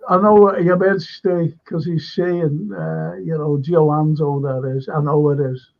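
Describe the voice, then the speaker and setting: On a dull, lo-fi stream, a male host rambles through casual chat and reads out comments from viewers, laughing a lot. His gravelly voice is slightly high, his tone steady, and his pace a touch slow.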